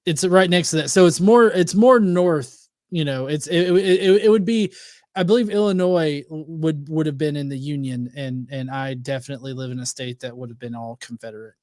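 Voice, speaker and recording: A man, talking casually as a guest, halting and often restarting. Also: a little high, darkish tone, dry recording. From Alabama, US. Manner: halting, many fillers and restarts. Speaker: debate guest. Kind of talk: casual chat.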